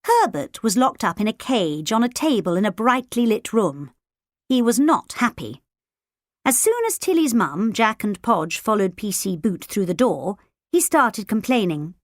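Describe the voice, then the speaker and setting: A woman narrating a children's storybook audiobook in a lively, expressive way. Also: medium pitch, a little slow, no room sound, clean studio sound. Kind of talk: storybook narration with character voices.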